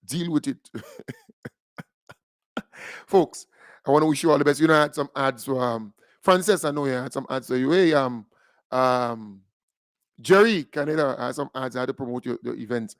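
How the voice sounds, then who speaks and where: A Grenadian man hosting a call-in radio show, talking in a lively, joking way with Caribbean creole phrasing. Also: mid-range voice, normal speed, pauses often, no room sound, clean studio sound. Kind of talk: casual radio talk with a caller.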